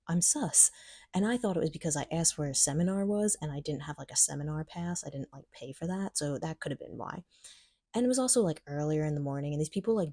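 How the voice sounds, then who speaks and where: A young woman chats through a storytime vlog in a low, mellow voice, filling her talk with "like" and acting out what she thought. Her voice sounds close and dry. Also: no room sound. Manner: chatty, many "like" fillers, acts out her own thoughts. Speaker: vlogger. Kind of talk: casual storytime.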